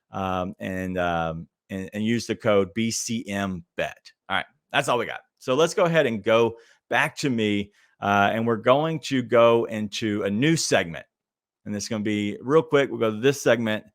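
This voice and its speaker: Low-voiced man chatting on a betting podcast. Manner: chatty, speaks straight to listeners, lots of hesitation. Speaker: podcast host. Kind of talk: casual sports betting talk.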